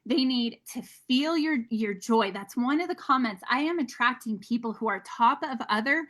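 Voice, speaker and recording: A woman's voice: a little high, animated, moderate pace, a bit bright. A woman leading a motivational team training, talking energetically and candidly and calling her listeners guys. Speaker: sales team leader.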